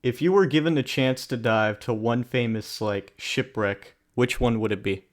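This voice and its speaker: A man hosting a casual interview show, asking guests questions in a relaxed, self-deprecating way. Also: mid-range voice, normal speed. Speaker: host.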